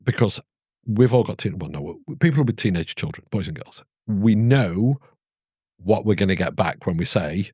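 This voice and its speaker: A male host with a very deep, husky voice asks probing questions, often rephrasing and restarting as he goes. His pitch swings widely as he talks. The sound is close and dry. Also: lively intonation, normal speed, mellow, no echo. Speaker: podcast host. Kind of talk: interview questions.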